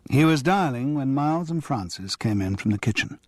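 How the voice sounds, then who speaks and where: A man reading a cozy mystery audiobook as narrator, with expressive storytelling delivery. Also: mid-range voice, a little fast, no room sound. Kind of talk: scripted narration.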